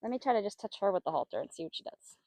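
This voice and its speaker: A woman horse trainer talking casually as she works outdoors with a horse, praising it softly. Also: medium pitch, sing-song, rapid-fire, creaky, no room sound. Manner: soft, coaxing praise to the horse.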